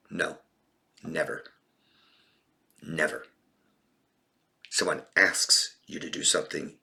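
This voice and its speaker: Male coach, very low voice, earnest and direct, answering viewer questions. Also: vocal fry, bright, forceful tone. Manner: earnest, direct, many restarts. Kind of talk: Q&A advice talk.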